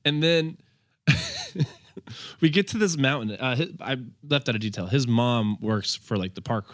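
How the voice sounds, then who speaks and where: A man's voice: mid-range voice, expressive, fairly quick, no room sound, studio quality. A man on a comedy podcast telling a rambling story in casual chat, laughing as he goes. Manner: rambling, laughs through his own story. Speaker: podcast co-host.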